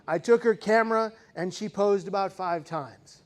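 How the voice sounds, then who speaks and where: A man giving a speech to a live audience, telling a personal story dramatically. He swings from raised intensity to hushed, slow emphasis and asks the audience rhetorical questions. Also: high-pitched. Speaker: keynote speaker.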